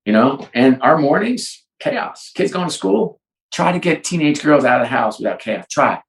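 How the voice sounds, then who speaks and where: A man guesting on a podcast, telling animated stories and acting out both sides of the dialogues. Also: on the high side, normal speed, creaky, roomy sound, rough recording. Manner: energetic storyteller, acts out both sides of dialogues. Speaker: guest, sports and entertainment executive. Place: home.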